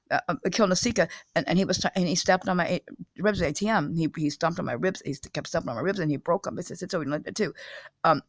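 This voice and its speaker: A woman's voice: on the low side, creaky, no echo. A woman talking straight to her viewers in a rambling monologue. She halts and restarts often, repeats words, and grows insistent and agitated. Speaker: self-published video speaker. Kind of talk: rambling direct-address monologue.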